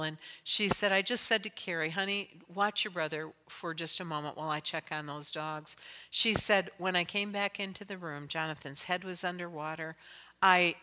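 Impassioned woman preacher in a reverberant hall. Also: fairly low pitch. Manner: impassioned, rising to loud exhortation. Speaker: Christian speaker. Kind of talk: sermon with storytelling.

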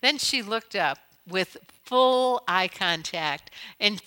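Middle-aged woman conference speaker, bright voice, earnest storytelling with emphatic peaks. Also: mid-range voice, animated, takes it slowly, rough recording. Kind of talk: inspirational talk.

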